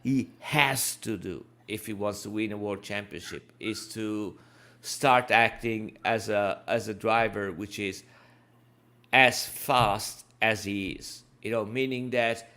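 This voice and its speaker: A man's voice: on the low side, takes it slowly, a bit bright. A man co-hosting a casual racing podcast, thinking aloud and repeating words as he searches for them. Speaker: podcast co-host. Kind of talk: casual race analysis chat.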